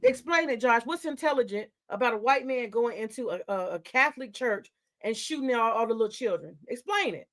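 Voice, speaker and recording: A woman's voice: fairly high pitch, expressive, a little fast, fairly bright tone. Blunt, profane woman ranting to her chat. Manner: confrontational, profane, addresses chat directly. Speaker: livestream host. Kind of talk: livestream rant to chat.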